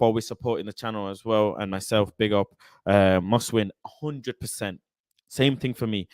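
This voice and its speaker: A young man with a lowish voice hosts a football fan live stream, reading viewers' comments aloud in slangy, repetitive chat full of swearing. He's animated, uses London slang and repeats phrases, and the audio is clean studio quality with no echo.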